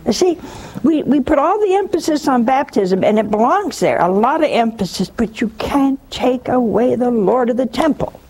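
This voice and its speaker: Older woman, religious call-in host, husky and slightly high, animated and scolding. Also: moderate pace. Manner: animated, scolding and mocking with sudden pitch jumps. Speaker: nun hosting a call-in show.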